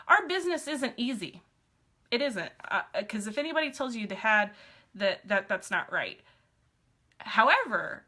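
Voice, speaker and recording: A woman's voice: fairly high pitch, pushed and bright. A woman giving a casual, upbeat live-streamed sales team training, chatty with sassy asides.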